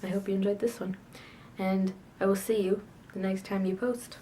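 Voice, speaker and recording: A teenage girl chatting straight to her camera in a casual video blog. She rants with a sassy, self-mocking edge and rambles from one complaint to the next. Her voice sits at an ordinary middle pitch for a young woman. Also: fairly even intonation, moderate pace, warm tone, a little hiss or hum. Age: teens. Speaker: video blogger.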